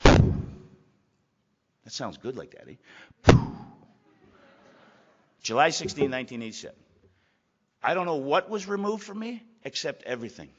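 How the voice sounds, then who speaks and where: Older man, recovery meeting speaker, gruff, emphatic, slightly high voice, dull lo-fi echoey hall recording. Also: big pitch swings, a little slow, long pauses. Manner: blunt, emphatic, repeats phrases for weight; gruff and profane. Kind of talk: personal testimony to a meeting.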